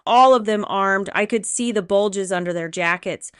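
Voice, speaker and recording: A woman narrating a romance audiobook in the first person, reading in a steady, expressive storytelling way. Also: medium pitch, moderate pace, clear, resonant tone, no echo, clean studio sound.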